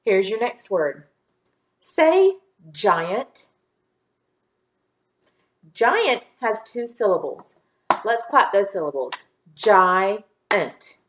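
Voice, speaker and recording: A woman teacher giving a recorded phonics lesson for young children, speaking slowly and clearly as she sounds out words and spells them letter by letter. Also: medium pitch, big pitch swings. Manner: slow, clear, patient instruction, sounding out words.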